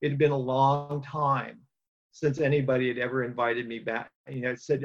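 A man's voice: medium pitch, flat delivery, moderate pace, lo-fi sound. Plain-spoken man telling his story. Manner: plain-spoken storytelling with dry humor and many fillers. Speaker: recovery meeting speaker. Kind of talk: personal testimony to a meeting.

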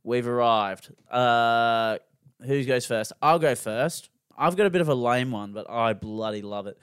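A man's voice: mid-range voice, a little slow, clean tone, dry recording, studio quality. A young Australian man co-hosting a podcast in casual chat, laid-back, laughing often and swearing freely. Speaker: podcast co-host.

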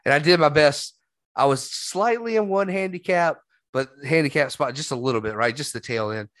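A man's voice: a little high, normal speed, a bit bright, dry recording. A man hosting a podcast, telling a rambling story in casual chat. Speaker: podcast host.

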